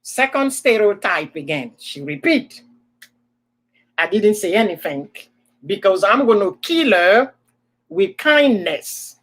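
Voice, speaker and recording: Slow, lively-voiced woman with African accent. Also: mid-range voice, low-quality recording. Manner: animated, repeats words for emphasis. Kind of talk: storytelling chat.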